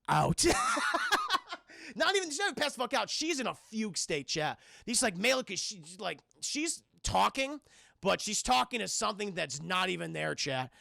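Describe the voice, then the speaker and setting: Recapping a cartoon scene by scene for his stream chat, a man gets excited, swears freely, and does funny voices for the characters. His voice sits high with vocal fry, recorded in clean studio quality with no echo.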